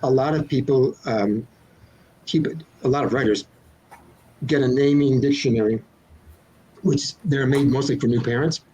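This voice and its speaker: A man's voice: mid-range voice, normal speed, long pauses, mellow, slightly rough, rough recording. An older man, a children's author being interviewed, explaining his craft in a thoughtful, playful way with examples. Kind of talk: relaxed interview answers.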